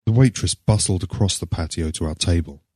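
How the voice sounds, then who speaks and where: A man narrating a short story in a measured, scripted reading. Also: low-pitched, darkish tone, slightly rough, no room sound, studio quality.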